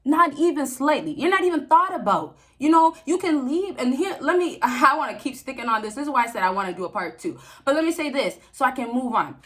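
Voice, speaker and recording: A woman's voice: sits high, very animated, fairly quick, few pauses, a bit bright. A young woman giving relationship advice to men in a casual, preachy vlog, repeating herself for emphasis and laughing often. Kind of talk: casual direct-to-camera advice talk.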